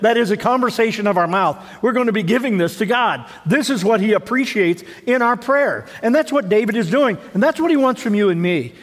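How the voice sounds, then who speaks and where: High-voiced preacher in a reverberant hall. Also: male voice. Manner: conversational preaching with rhetorical questions and repeated words. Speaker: pastor. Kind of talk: sermon. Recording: long reverb of a church hall.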